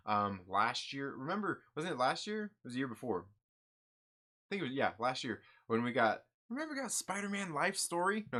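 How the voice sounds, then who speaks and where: A man's voice: mid-range voice, bright, forceful tone. A man hosting a comic book channel, chatting casually and answering viewer comments in an upbeat, rambling way with lots of fillers.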